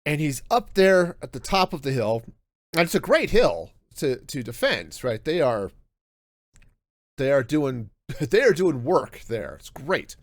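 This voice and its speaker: A man hosting a podcast, talking through a book review in a casual, animated way, often restarting his sentences. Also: a little high, measured pace, no echo. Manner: animated, self-interrupting with restarts and laughs. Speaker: podcast host.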